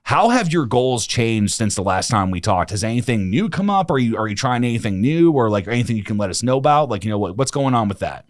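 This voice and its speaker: A man hosts a casual podcast interview, asking long, rambling questions packed with fillers. His medium-pitched voice is expressive and quick with few pauses, in clean studio sound with no echo.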